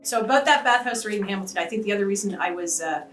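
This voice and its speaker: A woman's voice: medium pitch, lively intonation, very fast, a bit bright, faint music behind. Earnest woman heard from a distance. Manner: earnest, emphatic. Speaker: oral history interviewee. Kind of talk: personal storytelling. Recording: roomy audio from a distance with faint ambience.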